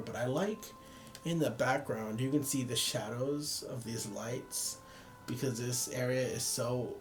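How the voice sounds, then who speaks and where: Tired young guy chatting loosely about his pics, mid-pitch, soft music under him. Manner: rambling, self-deprecating, laughs at own jokes. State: tired, yawning. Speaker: photography vlogger. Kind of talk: casual chat.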